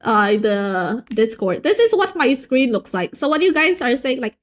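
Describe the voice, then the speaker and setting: Hosting a casual art stream, a young woman banters with her viewers in a playful, animated way, joking with chat as she draws. Her high voice swings widely in pitch, moves at a normal speed, and often stumbles and restarts mid-sentence.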